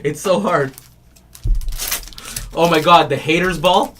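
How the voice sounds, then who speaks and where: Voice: mid-range voice, slow, fairly bright tone, slight background noise. A card break host in casual live-stream chat, talking loosely and laughing often while retelling comedy bits.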